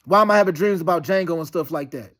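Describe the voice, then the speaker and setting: A man's voice: a little high, fast, a bit bright. A man talking in a rambling, profane, heated and insistent monologue. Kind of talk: casual monologue.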